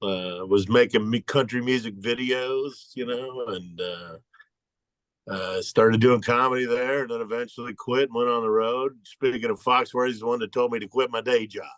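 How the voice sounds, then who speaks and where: A man in his fifties from Louisville, a comedian on a video call. He tells laid-back, rambling road stories. His voice is mid-pitched and sounds dry, with no room echo. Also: fairly even intonation, normal speed, a bit bright. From Louisville, Kentucky. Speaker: stand-up comedian, guest. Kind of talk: casual chat over a video call.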